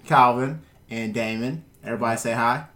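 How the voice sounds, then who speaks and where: A man's voice: mid-range voice, moderate pace, a bit bright. A man hosting a casual podcast, teasing his co-hosts and joking around. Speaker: podcast host. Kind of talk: casual chat.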